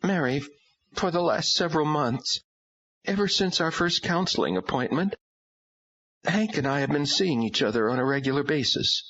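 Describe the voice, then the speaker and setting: A man's voice: on the high side, very animated, a little slow, a bit bright, breathy edge, pitched above the performer's own voice, full character voice. A man reading an audiobook, voicing a tearful woman who hesitantly confesses. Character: anxious grown woman confessing an affair. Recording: dull lo-fi audio.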